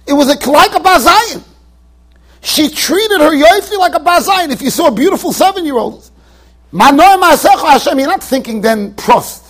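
A man, a rabbi, giving an emphatic yeshiva Torah lecture, mixing Yiddish and Hebrew terms into his English. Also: extremely high pitch. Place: yeshiva study hall.

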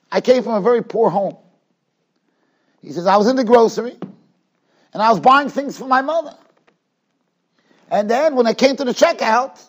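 Husky high-voiced rabbi telling a story. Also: male voice. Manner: animated, acts out dialogue, stretches words for emphasis. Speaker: rabbi giving a Torah class. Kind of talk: Torah class storytelling. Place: yeshiva study hall.

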